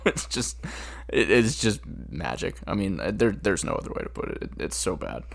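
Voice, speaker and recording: A man's voice: low voice, sing-song, normal speed, vocal fry. A jet-lagged man co-hosting a casual podcast, rambling and amused as he retells scenes from a bad movie with lots of restarts. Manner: rambling, amused, full of restarts and quoted lines. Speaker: podcast co-host.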